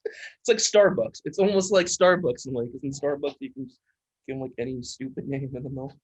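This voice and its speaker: A man's voice: medium pitch, brisk, husky, rough recording. A young man co-hosting a casual podcast, teasing his friend and chuckling as he talks. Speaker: podcast co-host. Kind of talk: casual chat.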